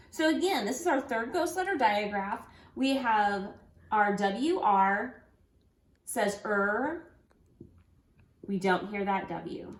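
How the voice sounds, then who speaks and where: A woman teaching young children a phonics lesson, speaking slowly and clearly, spelling out letters and encouraging them. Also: a little high. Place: home room with an easel. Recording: echoey room.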